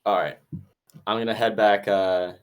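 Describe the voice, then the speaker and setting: A man playing a tabletop game, talking in an excitable, rambling way with lots of fillers. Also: fairly low pitch, a little slow, clear, resonant tone. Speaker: player. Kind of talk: casual chat while playing a tabletop game.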